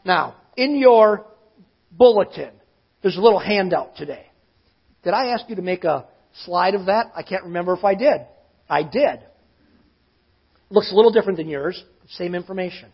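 High-pitched guy preaching in church, slows way down to hit the words, kinda muffled sound. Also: gravelly, slightly rough. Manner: emphatic preaching, often slowing to stress words. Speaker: pastor. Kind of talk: sermon.

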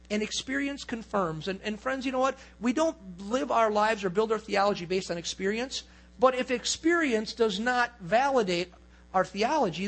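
High-voiced man preaching a conversational sermon. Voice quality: voice weak and fading in low range. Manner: conversational storytelling with many asides. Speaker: pastor. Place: church.

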